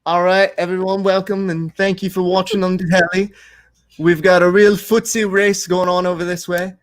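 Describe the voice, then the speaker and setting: A man's voice: high voice, flat delivery, moderate pace, pitched above the performer's own voice, natural voice. A man putting on a mock British accent to voice a fictional British male sports commentator, drifting toward Irish. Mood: playful. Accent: faux British drifting Irish. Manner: mock-formal, playful.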